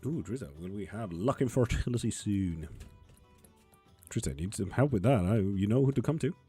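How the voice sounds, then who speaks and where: A man's voice: lowish voice, lively intonation, moderate pace, mellow, husky, soft background music. A man reading viewer comments aloud and answering them in a casual livestream, swearing now and then. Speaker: tarot reader streaming live.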